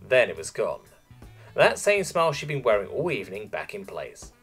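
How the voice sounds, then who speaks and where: A man reads a science fiction story aloud in an expressive, scripted narration. His voice is husky and moves a lot in pitch. Faint music plays underneath. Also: normal speed. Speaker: audiobook narrator.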